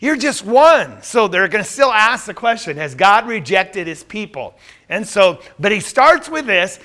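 A man's voice: high-pitched, very animated, moderate pace, sharp tone. A man teaching a Bible class, quizzing his listeners with questions and then answering them himself.

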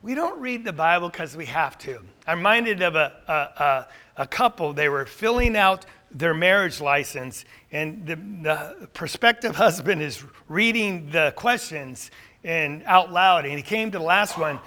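A man preaching a sermon to his congregation, emphatic and building to forceful peaks, often repeating words and restarting phrases. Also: high voice, animated, normal speed. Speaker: pastor.

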